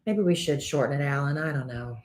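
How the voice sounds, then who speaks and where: A woman's voice: low-pitched, lively intonation, fairly quick, a little mellow. A woman co-hosting a podcast in casual chat, teasing her co-host with dry humor. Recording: echoey room.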